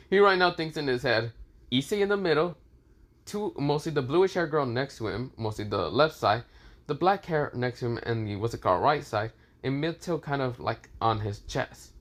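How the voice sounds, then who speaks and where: A man's voice: mid-range voice, expressive, normal speed, a bit bright. A man casually narrating a fan story, rambling and leaning on the same fillers again and again. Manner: rambling, repeats fillers often.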